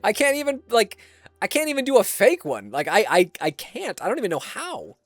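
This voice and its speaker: A man's voice: high-pitched, huge pitch swings, moderate pace, no room sound. Laughing, chatty male game streamer. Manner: laughs often, swears casually, chats to viewers. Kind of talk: casual live-stream gameplay chat.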